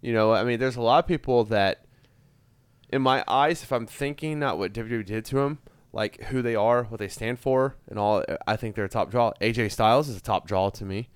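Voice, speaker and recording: A man chatting casually about wrestling with a co-host, animated, swearing freely and laughing easily. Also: mid-range voice, fairly quick, clear, resonant tone, dry recording. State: hiccuping. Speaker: podcast co-host.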